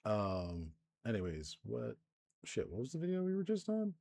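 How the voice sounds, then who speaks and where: A man's voice: on the low side, wildly swooping pitch, normal speed, vocal fry, dark tone, no room sound. Profane ranting male streamer, dry close sound. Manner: profane ranting with frequent restarts. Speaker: streamer host. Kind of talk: live-stream commentary.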